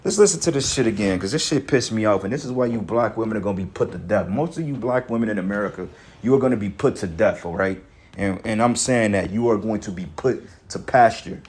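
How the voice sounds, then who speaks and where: A man's voice: on the low side, fast talker, darkish tone. A man commentating on a video clip in an angry, profane rant, emphatic and full of restarts. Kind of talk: heated reaction rant.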